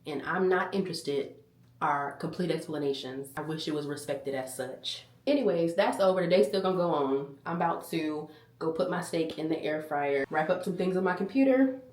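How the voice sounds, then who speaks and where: A woman vlogging as a busy mother, telling stories in a casual, animated and exasperated way. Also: low voice, moderate pace. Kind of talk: casual vlog chat.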